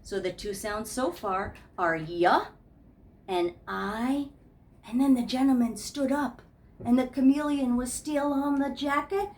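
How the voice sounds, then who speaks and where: Her voice sits high, with a darkish tone and a slightly slow pace. In a classroom, this woman gives young children a storytelling phonics lesson, using little stories and playful sounds and voices for each letter.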